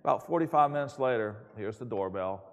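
A man's voice: medium pitch, expressive, brisk. Middle-aged male pastor, candid storytelling sermon, self-mocking, long hall reverb. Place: chapel.

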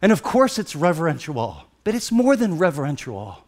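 Animated high-voiced male preacher. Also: a little fast, hardly any pauses. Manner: dramatic storytelling, swings from hushed to excited. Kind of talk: sermon.

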